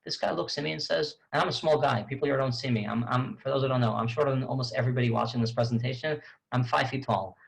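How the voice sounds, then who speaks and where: A man with a gravelly, creaky voice at an ordinary middle pitch tells a story as a tour guide. His talk is halting, full of restarts and repeated words, but it stays lively and conversational. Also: rough recording. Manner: conversational, animated retelling.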